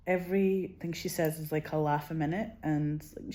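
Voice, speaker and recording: A woman in her forties with a notably low voice talks straight to her viewers, drifting from thought to thought. Her speech is loose and unpolished, peppered with swearing and a constant stream of "like" and "you know what I mean.". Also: fairly even intonation, normal speed, warm tone. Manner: rambling and profane, heavy use of "like". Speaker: vlogger. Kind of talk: casual rambling monologue.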